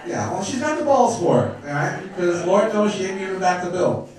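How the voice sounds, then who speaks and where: Music plays behind a brash Brooklyn, New York comic, a middle-aged man doing wisecracking crowd work on a comedy club stage. He talks briskly in a high voice with big swings in pitch. Heard from a distance, the club sounds echoey.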